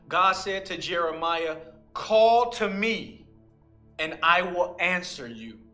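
Slow bright-voiced male preacher. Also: high voice. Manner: earnest storytelling preacher. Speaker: associate pastor. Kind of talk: sermon.

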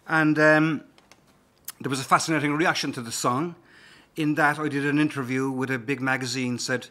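A man's voice: on the high side, fairly even intonation, moderate pace, bright, forceful tone. Cork man telling rambling stories between songs. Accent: Cork Irish. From Cork, Ireland. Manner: rambling, easygoing anecdotes with filler words. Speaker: singer-songwriter.

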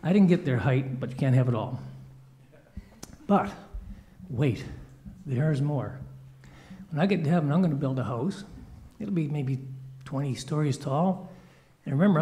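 A man telling a children's story in a church service, playful and animated, acting out quoted lines. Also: a little high, a little fast.

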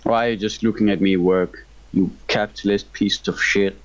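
A young man from Denmark with a Danish accent, chatting and laughing excitably while playing a co-op game with a friend. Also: fairly low pitch, normal speed, dull audio. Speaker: gamer playing co-op. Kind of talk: casual gaming chat.

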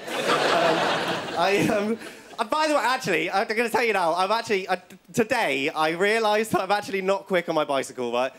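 A man's voice: high voice, moderate pace. A male stand-up comedian, telling rambling stories on stage and tagging lines with "right?". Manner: rambling storytelling, keeps checking in with "right?". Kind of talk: stand-up routine. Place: stage before a studio audience. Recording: loud audience laughter and crowd noise.

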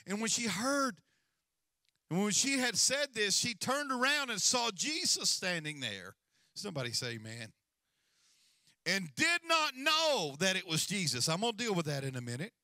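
Male pastor, sermon delivery; bright, forceful tone, high voice; storytelling with hushed asides and calls for amen. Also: big pitch swings, moderate pace, no room sound, studio quality. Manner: storytelling preacher, swings from hushed to loud, calls for amens. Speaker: senior pastor.

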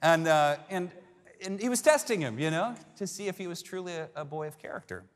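A male pastor preaching a sermon, animated storytelling that acts out the voices of characters. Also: high voice, fairly quick. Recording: long reverb of a large hall.

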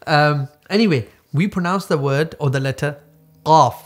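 Patient male host of a kids' lesson show, slightly high voice, drills sounds. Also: moderate pace. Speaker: teacher. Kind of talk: children's puppet show lesson.

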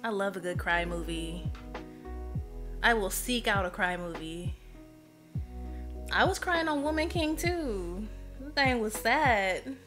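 A woman live streamer chatting casually with her viewers, emotional and expressive. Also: medium pitch, slow, pauses often, over music.

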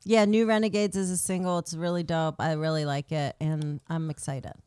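A woman's voice: low-pitched, level tone, moderate pace, darkish tone, smooth, no echo, studio quality. A woman from New York, a guest rapper and DJ, chatting casually on a podcast in an upbeat way and sometimes slipping into freestyle rap.

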